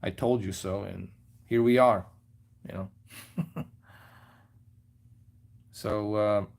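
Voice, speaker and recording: A man's voice: on the low side, steady tone, extremely slow, gravelly, a little mellow. A man hosting a casual livestream from his lounge at home, rambling loosely with lots of fillers and trailing asides. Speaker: livestream host.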